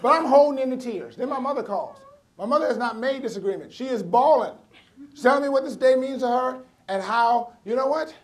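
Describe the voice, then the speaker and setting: A man's voice: very high voice, animated, fairly quick, a little hiss or hum. Middle-aged man telling wry stand-up stories. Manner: wry, punchy asides with comic timing. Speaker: comedian. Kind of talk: stand-up storytelling.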